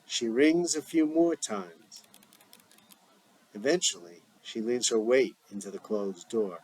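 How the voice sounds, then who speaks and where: A man reading a script aloud in a plain, even, deliberate way, stage directions included. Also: mid-range voice, breathy edge, poor audio. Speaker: script reader.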